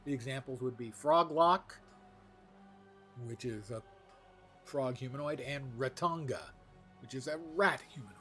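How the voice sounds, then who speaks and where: A man's voice: mid-range voice, measured pace, long pauses, sharp tone, faint music behind. A man streaming an online game live, narrating his play with wry muttered asides.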